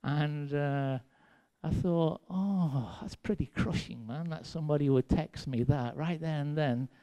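A man from England preaches a sermon with personal stories, speaking conversationally and self-deprecatingly, with dry sarcasm. His voice is on the high side and warm, at a measured pace.

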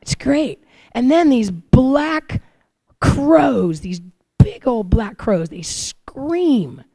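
Mellow-voiced woman preaching with animated stories. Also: high voice, drawn-out words, no room sound. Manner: animated storytelling, acts out her own prayers and God's replies. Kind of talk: sermon.

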